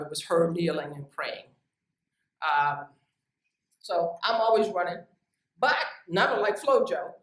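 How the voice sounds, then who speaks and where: A woman scientist giving a direct, emphatic motivational lecture to young researchers. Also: lowish voice. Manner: emphatic, direct, lively with asides. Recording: echoey room, distant mic.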